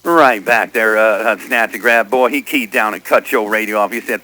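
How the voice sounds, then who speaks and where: A man's voice: fairly low pitch, moderate pace, sharp tone, low-quality recording. A man chatting casually as a CB radio operator, teasing others and repeating what they said on air.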